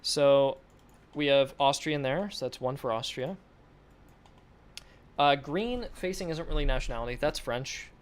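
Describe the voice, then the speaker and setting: A man's voice: mid-range voice, lively intonation, unhurried. A man on a dev livestream giving casual, mumbled feedback on artwork, repeating short approvals. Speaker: game developer streaming.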